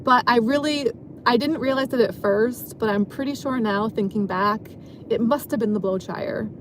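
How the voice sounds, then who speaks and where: A woman with a slightly high voice talks from her car in a loose, rambling vlog monologue. She is self-mocking and breaks into laughter often. A faint hum of noise sits behind her. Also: moderate pace. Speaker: vlogger and dancer. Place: parked car.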